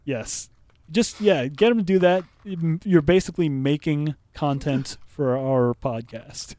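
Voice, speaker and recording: This podcast co-host speaks slowly in a slightly high voice with a dark tone, recorded with no room sound. He chats bluntly in a casual, crude way, swearing often while he laughs.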